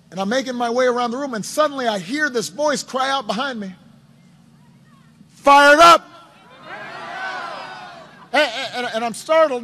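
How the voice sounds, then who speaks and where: A man with a markedly high-pitched voice tells a long anecdote to a room of supporters. He often repeats his words as he goes, and he keeps his speech light with dry, humorous asides. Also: a bit bright. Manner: storytelling with many self-repetitions and wry asides. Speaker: politician addressing supporters. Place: indoors at a campaign office.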